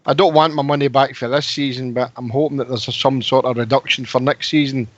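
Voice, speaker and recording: Friendly caller on a dry line. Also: male voice, mid-range voice, fairly even intonation, a little fast, no echo. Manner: friendly, chatty, says wee and pal. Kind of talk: casual radio phone-in chat. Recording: dry lo-fi phone-in audio.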